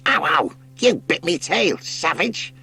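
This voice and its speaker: A man's voice: a little high, sing-song, slow, pushed and bright, slightly rough, voice pushed up, full character voice. A man voicing a dim-witted, whiny male sea rat in a storybook reading.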